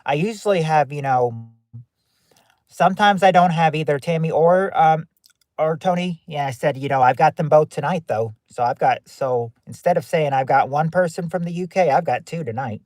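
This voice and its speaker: Speaking at an ordinary pace in a fairly high, mildly mellow voice, this man hosts a livestream and reads out viewers' chat messages in casual conversation. His talk wanders, with frequent repetition and restarted sentences, and there's no room sound at all.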